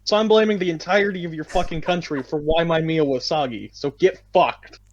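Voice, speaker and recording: Man, American, podcast co-host, profane, blunt, high-ish voice, dull lo-fi sound. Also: a little fast, slight background noise. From United States. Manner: profane, blunt, mock-outraged. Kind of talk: casual podcast chat.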